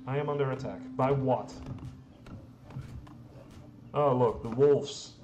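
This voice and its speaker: A man's voice: mid-range voice, slow pace, a little mellow. A man giving rambling, casual commentary while playing a strategy game, full of fillers and the odd swear word. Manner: rambling, self-deprecating, frequent fillers and mild swearing. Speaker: let's play host. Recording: roomy echo, faint background hum.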